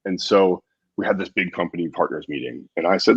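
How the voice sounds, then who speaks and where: Fast-talking man telling old stories. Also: low-pitched, breathy edge, dull audio. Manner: animated storyteller, acts out quoted dialogue. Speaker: guest. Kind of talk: storytelling in a podcast interview.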